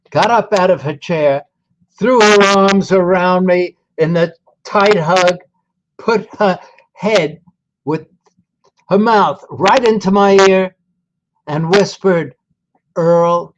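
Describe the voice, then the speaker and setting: Slow-spoken man in his nineties. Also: high voice, highs cut off, a little hiss or hum. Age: 90s. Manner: slow, deliberate, folksy storytelling. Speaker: veteran storyteller. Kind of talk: personal storytelling to an audience.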